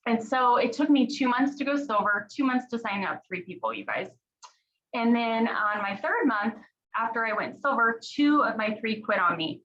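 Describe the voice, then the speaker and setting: A woman in her thirties tells her story in a chatty, earnest motivational talk, her voice sitting a little higher than most. The recording is dull and lo-fi. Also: fairly bright tone. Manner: chatty, earnest, says "you guys" and "y'all". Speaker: team leader sharing her story.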